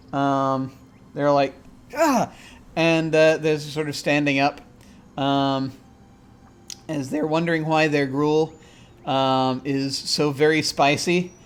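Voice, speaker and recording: Fairly high-voiced man narrating a tabletop game. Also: smooth. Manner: halting, rambling, with many fillers. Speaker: game master.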